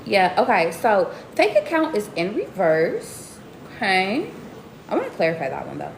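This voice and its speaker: A woman giving a casual live tarot reading to her viewers, slangy and animated, often jumping into high excited exclamations. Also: normal speed, vocal fry. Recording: roomy echo with faint background noise.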